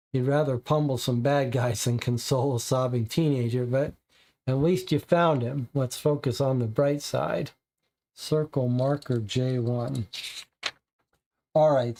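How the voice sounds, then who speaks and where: Detective case reader, slow pace, middle pitch, musing over clues. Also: mellow. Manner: slow and musing, drawn-out pauses. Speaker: player reading a detective case aloud. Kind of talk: reading a case aloud and puzzling over clues.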